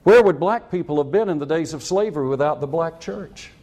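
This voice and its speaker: A man's voice: on the high side, animated, a little fast, a little mellow. An older man preaching a sermon with passion, repeating lines for emphasis and asking rhetorical questions.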